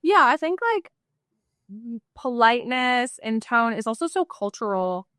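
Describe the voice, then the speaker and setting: A woman from Canada, chatting as a guest and telling animated stories. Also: a little high, measured pace, no room sound, studio quality. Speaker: guest, former CEO. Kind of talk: casual interview chat.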